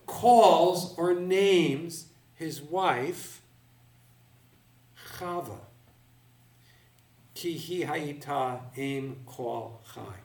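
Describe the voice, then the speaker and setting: A man leads a Bible class in a roomy hall, and his voice carries from some distance away from the microphone. His delivery is slow and deliberate as he explains each word carefully, and his voice sits a little higher than most men's. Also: darkish tone. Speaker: Bible teacher. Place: room with a live audience.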